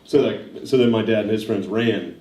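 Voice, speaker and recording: A man's voice: lowish voice, fairly quick, a little hiss or hum. A man doing stand-up, telling a long profane story in a loose, laughing way before a live audience. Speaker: stand-up comedian. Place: large studio theater with live audience. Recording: roomy hall, distant mic, loud audience laughter.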